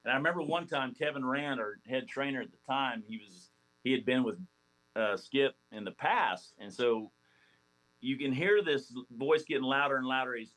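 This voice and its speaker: A man in his forties, a former ballplayer guesting on a podcast, telling stories in a rambling, animated way with many restarts. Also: medium pitch, moderate pace, rough recording. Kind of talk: casual storytelling interview.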